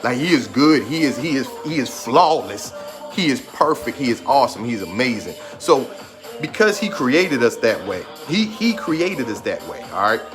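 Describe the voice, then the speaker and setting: This man's mid-range voice has a sing-song lilt and moves at a normal speed. In his thirties, he's a motivational speaker repeating his points emphatically and struggling not to cry, with music playing underneath.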